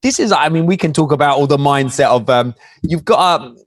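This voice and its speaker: A man's voice: on the high side, expressive, brisk, no echo, clean studio sound. A man, a guest in a casual interview, telling stories with many fillers and restarts. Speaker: podcast guest.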